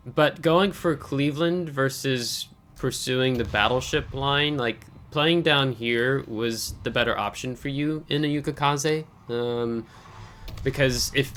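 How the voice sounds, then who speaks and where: A channel host gives relaxed coaching commentary on a viewer's match, his medium-pitched, slightly bright voice carrying a faint hiss or hum. He analyzes as he goes but hesitates, filling gaps with lots of ums. He keeps coughing throughout.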